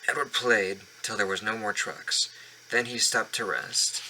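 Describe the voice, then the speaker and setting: A man's voice: fairly low pitch, steady tone, a little slow, bright, forceful tone, slight background noise, low-quality recording. A man reading a children's storybook aloud at home, often stumbling and restarting lines. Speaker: reader of a children's book. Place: home basement.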